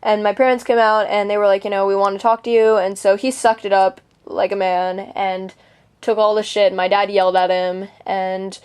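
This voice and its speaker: A woman's voice: medium pitch, flat delivery, moderate pace, a little mellow, smooth. A teenage girl venting a personal story to camera, indignant and swearing freely, with lots of fillers and restarts. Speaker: vlogger.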